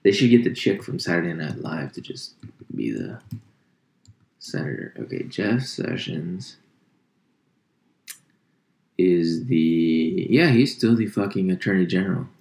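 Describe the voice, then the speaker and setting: A very deep, gravelly male voice rambles through casual, profane chat, poking fun at himself as he goes. He speaks into a desk mic in an echoey room. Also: lively intonation, unhurried, pauses often, a little mellow. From United States. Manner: rambling, profane, self-mocking. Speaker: podcast host.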